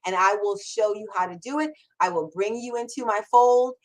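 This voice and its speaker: A middle-aged woman hosting a live-streamed Q&A, energetic and enthusiastic, repeating words for emphasis. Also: mid-range voice, normal speed, poor audio. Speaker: host. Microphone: camera mic on a livestream.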